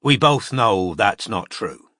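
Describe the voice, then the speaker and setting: A man voicing a businesslike male detective who questions calmly and without sympathy. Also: mid-range voice, normal speed, dry recording, studio quality. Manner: calm, unsmiling, remorseless.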